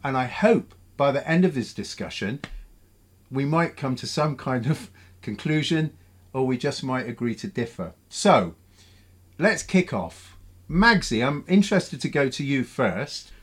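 A man hosting a panel discussion, chatty and quick with his questions. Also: mid-range voice, expressive, husky. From came to Bristol at thirteen. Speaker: discussion host.

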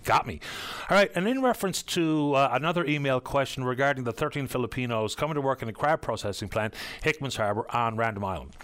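Male talk radio host, chatty, easygoing, average pitch. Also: expressive, fast, fairly bright tone. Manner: chatty, easygoing, thinks aloud.

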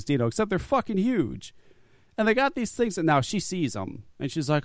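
A man's voice: sits high, sing-song, a little fast, no room sound, studio quality. A man telling a long, profane story in casual chat, full of restarts and stammered repeats. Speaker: guest.

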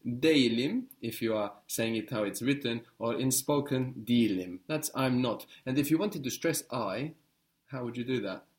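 A man's voice: mid-range voice, normal speed. Patient man teaching a language lesson. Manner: patient, encouraging, step-by-step prompting.

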